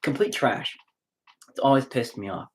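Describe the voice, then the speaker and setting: A man delivers an unscripted, profane rant with raw feeling behind it. His pitch moves all over the place, rising in outbursts and dropping into low, muttered asides. He sounds close to tears at moments. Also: lively intonation, moderate pace. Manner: heated, profane, swings between loud outbursts and low mutters; emotional, close to tears at times.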